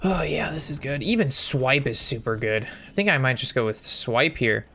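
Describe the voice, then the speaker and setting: A man's voice: medium pitch, animated, moderate pace, sharp tone, a little hiss or hum. A man giving casual gameplay commentary, thinking through his moves aloud and sometimes breaking into a sweary rant. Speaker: game streamer.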